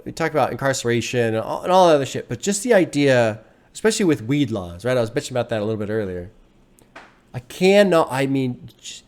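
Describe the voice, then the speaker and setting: A man's voice: medium pitch, darkish tone. A man hosting a music reaction video, talking casually in an earnest, rambling way and swearing freely.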